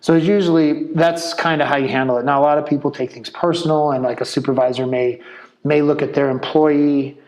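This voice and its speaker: A retired police officer speaking in a casual interview, blunt and animated, full of "like" and "man". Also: on the high side, a little fast, poor audio.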